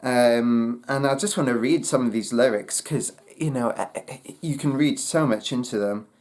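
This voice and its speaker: A man's voice: medium pitch, normal speed, a little mellow. A man giving a casual spoken album review, hesitant and full of fillers and restarts.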